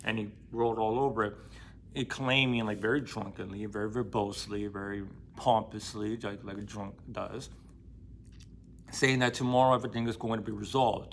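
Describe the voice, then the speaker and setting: A man's voice: on the low side, steady tone, moderate pace, creaky, slight background noise. A man casually retelling a novel's plot in loose, slangy speech full of fillers and restarts. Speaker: book discussion vlogger. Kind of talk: casual spoken book recap.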